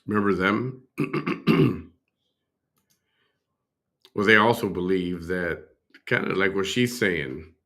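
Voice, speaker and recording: Very deep, bright-toned male host. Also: lively intonation, takes it slowly, vocal fry, pauses often. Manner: rambling, thinks aloud, talks to chat. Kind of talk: casual reaction commentary.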